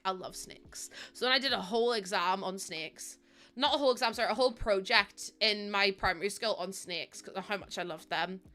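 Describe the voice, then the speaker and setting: A woman's voice: mid-range voice, bright, forceful tone. A young woman, chatting casually and rambling with lots of fillers and giggles while she livestreams a building game. She is heavily pregnant.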